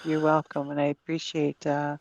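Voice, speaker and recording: A woman guest speaking softly and unhurriedly in a casual conversation, with many pauses. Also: deep voice, monotone, a loud crowd. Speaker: podcast guest, survivor advocate. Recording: dull, lo-fi, dry sound.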